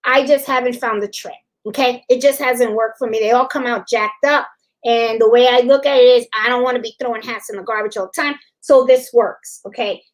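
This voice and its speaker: A woman with a high voice talks viewers through a live crafting demonstration in a casual, chatty way. Her voice sounds slightly hoarse, and she keeps checking in with her audience. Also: steady tone, fairly quick. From Puerto Rico. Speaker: crafting livestream host.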